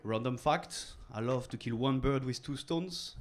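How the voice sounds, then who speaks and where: A middle-aged man from France with a French accent, doing a stand-up comedy set in a halting, deadpan way with non-native phrasing. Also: mid-range voice. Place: comedy club stage.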